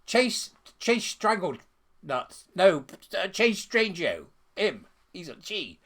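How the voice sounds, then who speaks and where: A man's voice: high-pitched, very animated, slow pace, a bit bright. A man giving scornful, sarcastic ranting commentary while reading out a letter.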